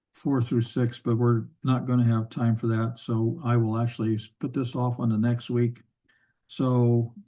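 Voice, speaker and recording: A man with a mellow, warm voice at a middle pitch leads a church Hebrew class. He lectures in a relaxed way, thinking aloud with fillers and answering his own rhetorical questions. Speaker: Bible Hebrew teacher.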